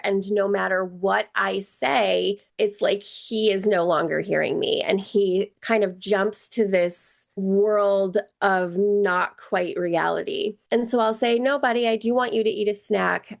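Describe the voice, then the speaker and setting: A woman's voice: medium pitch, creaky. A woman in her thirties co-hosting a parenting podcast, telling candid stories about her child and laughing often. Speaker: podcast co-host. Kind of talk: casual parenting podcast chat.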